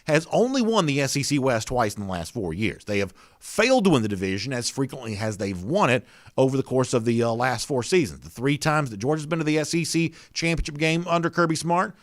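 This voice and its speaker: A man's voice: mid-range voice, very animated, brisk, no room sound, clean studio sound. A man hosting a casual sports talk show, chatting loosely with plenty of "you know" fillers and reading out viewer comments.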